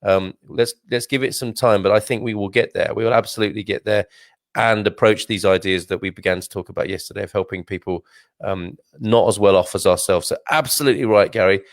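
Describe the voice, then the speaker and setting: A man's voice: lowish voice, fairly quick, no echo, studio quality. A man hosting a casual live stream, chatting in a rambling way, laughing often and restarting his sentences. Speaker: host reading viewer comments.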